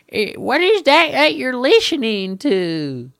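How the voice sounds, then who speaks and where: A man's voice: very high-pitched, huge pitch swings, slow, vocal fry, a bit bright, no echo, studio quality, pitched above the performer's own voice, heavily acted. A man voicing a cranky old grandmother with a country accent, scolding and swearing. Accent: American country.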